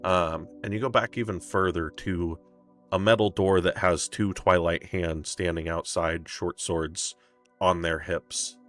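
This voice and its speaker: A man narrating as game master in a relaxed, descriptive way, with frequent fillers. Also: low voice, unhurried, soft background music.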